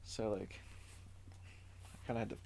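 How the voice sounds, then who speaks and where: A man's voice: a little slow, darkish tone, a little hiss or hum. A man co-hosting a podcast, telling a story in casual chat, loose and full of fillers as he reads through his notes. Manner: recaps from notes and reads quotes aloud. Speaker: podcast co-host.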